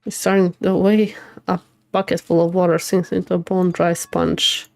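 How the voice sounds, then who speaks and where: A woman's voice: lowish voice, flat delivery, moderate pace, gravelly, a little mellow. A young adult woman streaming a game live, reading the dialogue aloud and reacting emotionally between lines.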